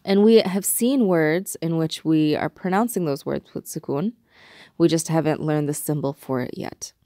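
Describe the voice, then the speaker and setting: Patient woman teacher, low and dry. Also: warm tone, no room sound. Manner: patient, explains step by step, repeats example words slowly. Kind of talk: recorded language lesson.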